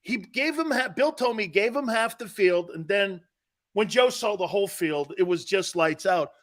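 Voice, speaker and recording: Bright, lively sports talk host man. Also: high voice, normal speed. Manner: brash, swears, laughs often.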